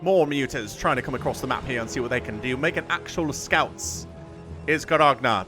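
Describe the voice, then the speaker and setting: A cheery, over-the-top Australian game caster, as a man puts him on with a put-on accent. The voice sits higher and louder than a natural one, with exaggerated slang throughout. Steady background music plays underneath. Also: close to an everyday voice. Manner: exaggerated slang, raised pitch, loud. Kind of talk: mock-Australian game commentary.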